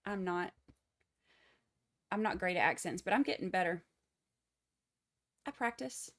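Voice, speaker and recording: A woman's voice: on the low side, normal speed, fairly bright tone. A woman with a Texas accent giving casual, joking live-stream commentary on a trial and talking to her viewers. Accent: Texan. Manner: chatty, joking asides to viewers.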